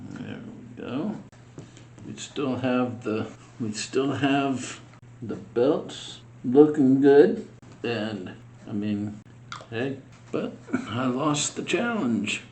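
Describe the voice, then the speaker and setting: Slow-talking frustrated man building a model. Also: mid-range voice, a little mellow, echoey room, slight background noise. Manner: muttering to himself, frustrated and exasperated. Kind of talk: casual build vlog narration.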